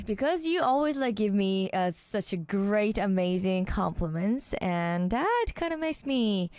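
A woman's voice: mid-range voice, lively intonation, a little slow, hardly any pauses, darkish tone, no echo. A woman hosting a radio show, chatting casually and cheerfully and laughing often. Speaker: radio host. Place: radio studio.

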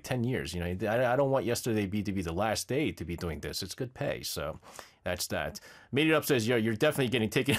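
A middle-aged male radio host chatting live from a studio. His voice sits at an ordinary pitch but swings up and down a lot as he reads messages, laughs and restarts his sentences. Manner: chatty, laughs often, many fillers and restarts. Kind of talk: casual live radio chat reading listener messages.

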